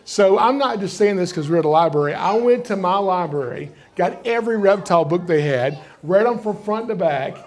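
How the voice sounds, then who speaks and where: A middle-aged Southern man with a high, light voice tells folksy stories to a live crowd at a library reptile show. He jokes easily and keeps the room engaged. His drawl carries through every story. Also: brisk, hardly any pauses. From Georgia, USA. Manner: joking, folksy, animated storyteller. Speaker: reptile rescuer giving a library program. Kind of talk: live storytelling talk to an audience.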